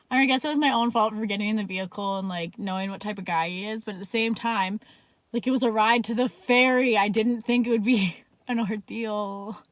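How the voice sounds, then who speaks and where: A woman's voice: on the high side, no echo. A young woman from Canada telling a story in a casual, chatty way, swearing often and filling her talk with "like". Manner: chatty, swears a lot, heavy use of "like". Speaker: vlogger.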